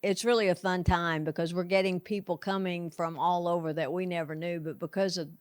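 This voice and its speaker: Woman guest comic, chatty, smooth clear voice, dry close sound. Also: on the low side, fairly even intonation, fairly quick, darkish tone, no echo. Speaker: comedian guest. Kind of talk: casual interview chat.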